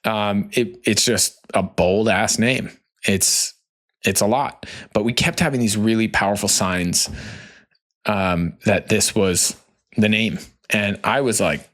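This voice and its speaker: A man's voice: fairly low pitch, fairly even intonation, slow pace, a bit bright. An American man in his thirties, hosting a candid solo podcast in a loose, conversational way, with lots of "like" and "you know". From United States. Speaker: podcast host.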